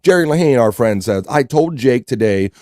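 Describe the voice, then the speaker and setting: A man hosting a casual livestream, reading out chat messages and giving playful shout-outs. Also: mid-range voice, normal speed, dry recording, studio quality. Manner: reads chat messages aloud and gives lively shout-outs; playful, loose and joking. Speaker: livestream host.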